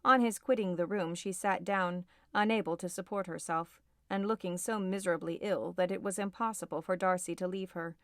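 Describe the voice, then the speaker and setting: A woman narrating a classic novel as an audiobook, in a measured, expressive reading. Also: on the low side, no echo, clean studio sound.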